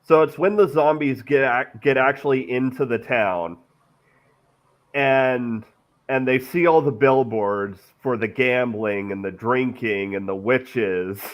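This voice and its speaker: A man co-hosting a podcast, talking haltingly about films and repeating words as he gathers his thoughts. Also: medium pitch. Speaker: podcast co-host. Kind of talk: casual film discussion. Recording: dull lo-fi mic.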